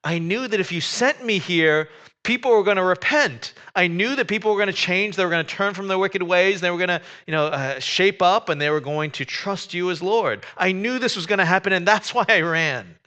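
A man's voice: high-pitched, a little fast, bright, forceful tone, pitched above the performer's own voice. A man voicing an angry, indignant prophet in a raised, exasperated voice.

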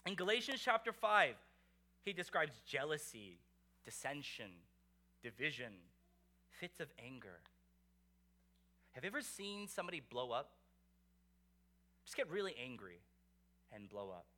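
A man preaching a sermon as pastor, animated and conversational, asking the congregation rhetorical questions. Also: a little high, measured pace, long pauses.

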